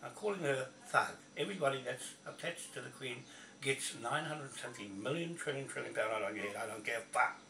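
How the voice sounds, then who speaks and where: Medium-pitched, creaky and sharp, the man talks a little fast as he angrily rants at the camera for his video blog. He curses, repeats himself and sounds confrontational. There's echo, distance and faint noise in the recording.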